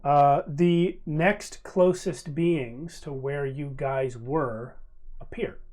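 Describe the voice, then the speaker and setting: Game master type: a man with a slightly higher voice, casual and chatty. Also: steady tone, drawn-out words, darkish tone. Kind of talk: narrating a tabletop game. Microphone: table mic at a live-streamed game.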